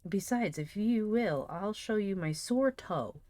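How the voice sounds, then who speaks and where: A woman's voice: medium pitch, animated, unhurried, darkish tone, no echo, voice pushed up, natural voice. A woman reading aloud and voicing a timid young boy who hesitates to break his orders, in a storybook reading. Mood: wary. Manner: hesitant, rustic dialect speech. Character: timid young boy servant, easily tempted.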